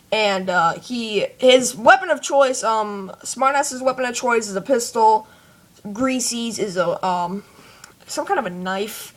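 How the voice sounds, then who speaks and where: A woman's voice: mid-range voice, fairly bright tone. A woman vlogger giving a rambling, casual fan commentary full of fillers. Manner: rambling, chatty, many fillers.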